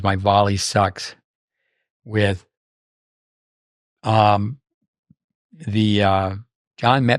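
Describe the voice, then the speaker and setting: Rambling older man, low dry voice. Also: no room sound. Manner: rambling anecdotes with many fillers and restarts. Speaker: podcast host. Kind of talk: casual chat.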